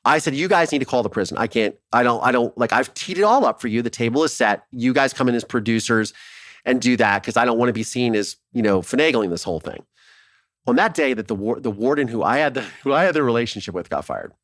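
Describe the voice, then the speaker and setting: A male filmmaker from Ohio telling his story as an interview guest, animated and swearing freely, acting out what others said. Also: medium pitch, quick pace, no echo, studio quality. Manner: animated, swears freely, acts out quoted dialogue.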